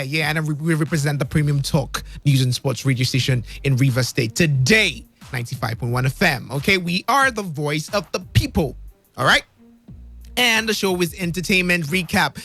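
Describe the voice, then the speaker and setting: A man hosting a radio show in an excitable, playful way, laughing often. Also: fairly high pitch, moderate pace, soft background music. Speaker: radio host. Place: radio studio.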